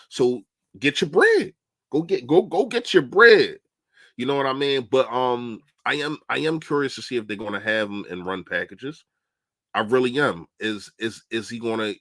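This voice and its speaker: A young man hosts a casual football livestream, chatting animatedly and responding to viewers' comments. His mid-range voice has a fairly bright tone, with no echo.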